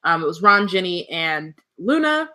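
Bright-voiced woman podcast co-host. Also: fairly low pitch, big pitch swings, normal speed. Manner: laughs often, swears, many "um" fillers. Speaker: podcast co-host reading the chapter. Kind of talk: casual chat and book reading.

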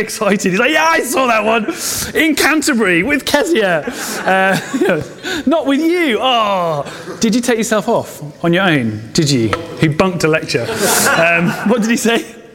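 A pastor in his thirties with a high-pitched voice, preaching in a loose, chatty way. He breaks into asides and quick laughs, and the hall around him adds a long reverb tail. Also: a bit bright. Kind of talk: conversational sermon.

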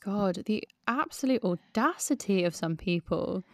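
A woman hosting a podcast in casual chat, frank and quick to swear. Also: mid-range voice, lively intonation, dry recording, clean studio sound. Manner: frank, reactive, swears freely. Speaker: podcast host.

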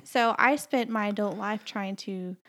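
A woman's voice: mid-range voice, unhurried, a bit bright. Chatty Southern-born woman podcaster. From Southern United States. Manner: chatty, rambling, laughs often. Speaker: podcast co-host. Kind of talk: casual podcast chat.

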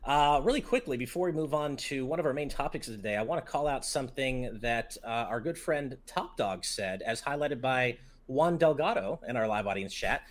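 Male podcast host, mid-pitched, relaxed chatter. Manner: easygoing, quick to laugh, reads out listener chat. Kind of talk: casual chat.

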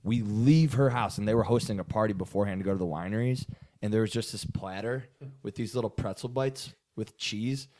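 Young male podcast co-host, lowish voice, loose rambling storyteller. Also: fairly quick, mellow. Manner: rambling, swears often, says dude. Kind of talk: casual storytelling among friends.

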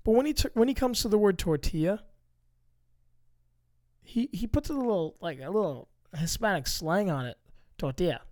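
A young American man hosting a casual podcast, ranting in animated mock outrage. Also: sits high, moderate pace, long pauses, dry recording, clean studio sound. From United States. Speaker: podcast host.

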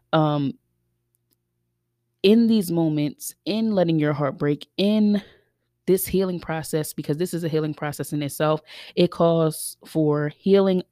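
A woman's voice: low-pitched, dark tone, dry recording, studio quality. A woman of thirty hosting a podcast, talking candidly and reflectively in a loose, rambling way with many fillers. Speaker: podcast host. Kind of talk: casual reflective monologue.

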